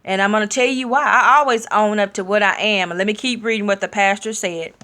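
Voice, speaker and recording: A woman sharing a personal testimony in a sermon style, speaking openly and leaning slowly into her key phrases. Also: medium pitch, sharp tone. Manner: slow, drawn-out emphasis, candid and personal.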